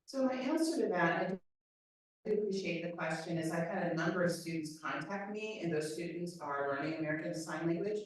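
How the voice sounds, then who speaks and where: Low-voiced woman interpreter, far off. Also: expressive, brisk. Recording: echoey room, far from mic.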